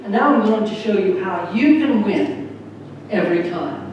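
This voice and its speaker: A man's voice: high-pitched, expressive, normal speed, darkish tone, muffled recording, slight background noise. A man giving an earnest, folksy stage talk with a magic trick, joking with a church audience. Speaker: magician and motivational speaker. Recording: echoey hall from far off.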